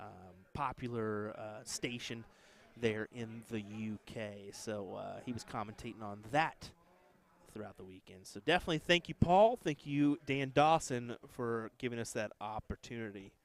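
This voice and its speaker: A man's voice: medium pitch, vocal fry. A man with an American accent hosting casual live-stream darts commentary, chatting with viewers between matches. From United States.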